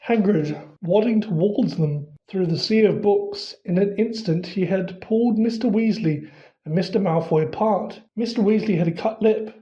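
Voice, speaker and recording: A mellow-voiced reader narrates a fantasy story, shifting pitch to play each character. The sound is dull and lo-fi, like a home recording. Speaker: audiobook reader.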